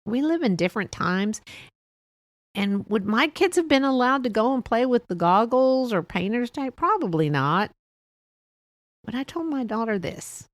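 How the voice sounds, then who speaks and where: A woman's voice: a little high, expressive, normal speed, dry recording, clean studio sound. An older woman hosting a podcast, telling stories in a rambling, chatty way and laughing often. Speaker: podcast host. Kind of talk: casual monologue.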